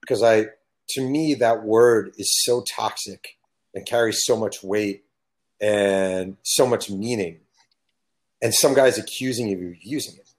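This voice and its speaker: Emphatic, low-voiced middle-aged man. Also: unhurried. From California. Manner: emphatic, blunt, storytelling. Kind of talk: casual chat.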